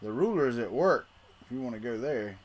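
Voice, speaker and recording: A man's voice: mid-range voice, expressive, brisk. Rambling man on a livestream. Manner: rambling, talks to chat while tinkering. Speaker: livestream host. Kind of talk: casual livestream chat.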